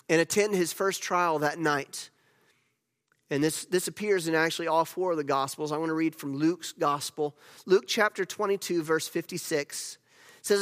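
A male pastor preaching a sermon as a storyteller, with loud emphatic moments and hushed, near-whispered passages. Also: sits high. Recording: long hall reverb.

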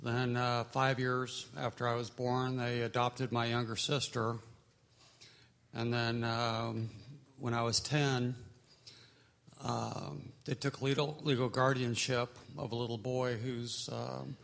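A man sharing his testimony at a slow, measured pace, full of pauses and fillers. His voice stays level at a middle pitch. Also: little pitch movement, vocal fry, a bit bright. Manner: measured, hesitant with many fillers. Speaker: church member sharing a testimony. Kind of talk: personal testimony.

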